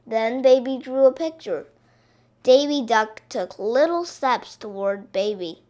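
Slow, expressive woman reading a storybook. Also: a little high. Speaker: picture-book reader.

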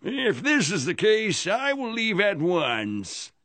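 An actor voicing a weary, humble ex-convict in a storybook, speaking in a hesitant, halting way. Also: male voice, high voice, huge pitch swings, fairly bright tone, dry recording, exaggerated voice. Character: weary, humble ex-convict man, middle-aged. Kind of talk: storybook voice acting.

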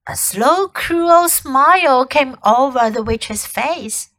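A woman teacher reading a children's story aloud, slowly and clearly. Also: high voice, lively intonation, fairly bright tone, poor audio. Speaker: English teacher.

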